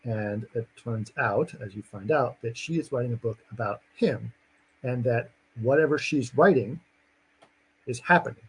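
Husky guy rambling thru a movie recap, um and uh everywhere, medium voice. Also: mid-range voice, normal speed, poor audio. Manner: rambling, lots of fillers, acts out scenes. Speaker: podcast co-host recapping a movie. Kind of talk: casual chat.

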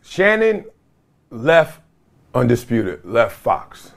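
Animated man talking to camera at home. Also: medium pitch, extremely slow, creaky. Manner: animated, slangy, laughs often. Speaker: podcast host. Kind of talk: casual solo commentary. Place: home basement. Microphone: video camera or phone.

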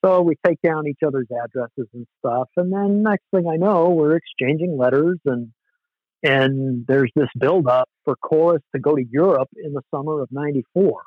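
A man's voice: a little high, moderate pace, no echo. Man telling band stories, dull dry sound. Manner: rambling, self-deprecating, with frequent "you know". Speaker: guest, former hardcore band musician. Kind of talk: casual storytelling interview.

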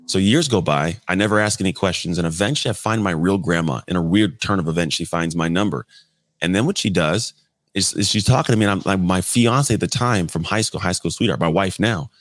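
A man's voice: deep voice, fairly quick, fairly bright tone, no echo, clean studio sound. A man in his thirties, a podcast guest, telling his life story in a blunt, conversational way with occasional mild swearing. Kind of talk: candid storytelling interview.

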